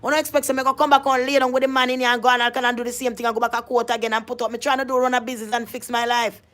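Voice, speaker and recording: A woman's voice: fairly high pitch, flat delivery, racing, a bit bright. An adult woman, ranting in a vlog monologue, emphatic and confrontational, often repeating herself. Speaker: vlogger.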